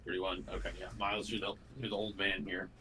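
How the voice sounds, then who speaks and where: A man's voice: low voice, flat delivery, fast talker, sharp tone. A man in his thirties chatting casually over a voice call during a card game, laid-back and joking. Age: 30s. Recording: distant mic with faint noise.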